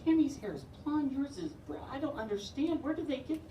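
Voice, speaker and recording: A nosy middle-aged woman squeals in a high, gasping, apologetic voice, as a man puts her on in a stand-up set. The voice is heard from well back in an echoey room, with faint ambience behind it. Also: sing-song, brisk, dark tone, far from the mic, slight background noise. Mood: puzzled.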